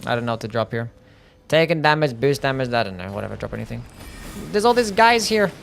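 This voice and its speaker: A man's voice: mid-range voice, expressive, fast talker, creaky, fairly bright tone, a little hiss or hum. A young man streaming a game live, talking casually, swearing and reading chat aloud. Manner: laid-back, swears, reads chat aloud. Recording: faint music behind.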